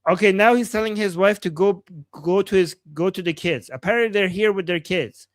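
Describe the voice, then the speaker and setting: A man's voice: sits high, fairly quick, dry recording. A man from Iran co-hosting a live stream, casually translating a protest clip with lots of fillers and amused asides.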